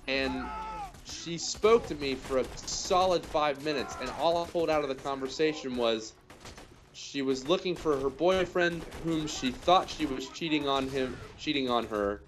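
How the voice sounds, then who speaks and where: A man's voice: medium pitch, normal speed. A young man co-hosting a gaming video, telling a rambling, self-mocking story in casual chat. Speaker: co-host of a game video series.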